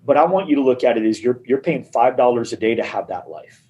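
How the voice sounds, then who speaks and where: A man with an ordinary mid-range voice tells a story in a loose, animated way. He slips into the voices of the people in the story as he goes. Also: mid-range voice, fast talker, poor audio. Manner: animated storyteller acting out dialogue. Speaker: gym marketing guest. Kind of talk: casual storytelling interview.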